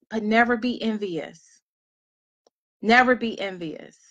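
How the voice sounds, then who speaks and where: Middle-aged dc woman giving an emotional pep talk to single moms, earnest, repeats herself for emphasis, kinda high voice. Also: fairly bright tone. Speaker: speaker addressing single mothers. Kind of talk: motivational talk to an audience.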